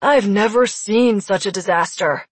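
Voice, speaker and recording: A woman voicing a gruff man who grumbles and warns in an audiobook. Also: medium pitch, a little slow, no room sound. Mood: grumbling. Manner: grumbling, a bit louder.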